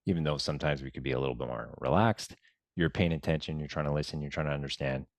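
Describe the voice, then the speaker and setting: A man leading a meditation lesson in a relaxed, chatty way, often dropping to soft murmurs and mumbling. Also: very deep voice, quick pace, no room sound, studio quality. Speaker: meditation guide. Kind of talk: casual guided-meditation talk.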